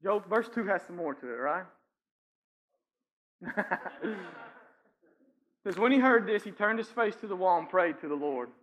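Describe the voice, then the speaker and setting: A pastor preaching a sermon in a church, talking conversationally with frequent "right?" asides and light chuckles. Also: male voice, sits high, animated, measured pace, pauses often, fairly bright tone, low-quality recording. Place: church sanctuary.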